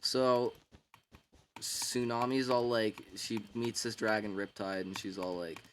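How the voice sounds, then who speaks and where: A man with a fairly low voice recaps a story in a loose, rambling way. He leans on filler words and slang and keeps an irreverent, offhand tone. A faint hiss sits in the background. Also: little pitch movement, slow pace. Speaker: book summarizer. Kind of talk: casual rambling retelling.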